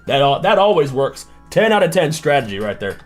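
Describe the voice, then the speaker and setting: A man's voice: on the high side, big pitch swings, brisk, soft background music. A young man streaming a reaction, swearing and exclaiming in disbelief as casual commentary. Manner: incredulous, profane, exclaiming.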